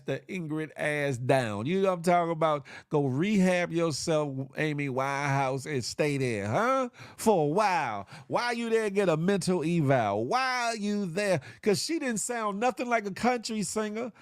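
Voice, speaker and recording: A man's voice: fairly high pitch, expressive, normal speed, few pauses, clear, resonant tone, dry recording, clean studio sound. A man hosting a live online show, chatting casually with viewers in a loose, joking way, full of slang and sound effects. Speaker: livestream show host.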